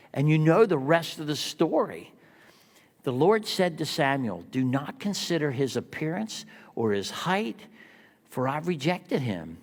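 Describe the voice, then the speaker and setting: Lively older pastor in a reverberant church. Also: male voice, fairly high pitch, a little slow. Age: 60s. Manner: animated storytelling with rhetorical questions to the congregation. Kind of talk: sermon. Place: church sanctuary. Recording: long reverb of a church hall.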